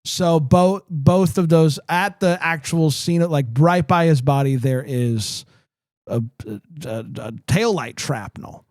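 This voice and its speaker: A man's voice: a little high, takes it slowly, darkish tone, no echo. Upbeat male podcast host, dry sound. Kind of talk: casual chat.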